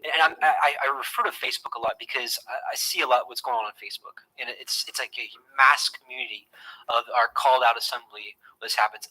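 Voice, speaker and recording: A man's voice: mid-range voice, pushed and bright, low-quality recording. A man teaching scripture to his online audience in an earnest, conversational way, often repeating words and restarting his sentences.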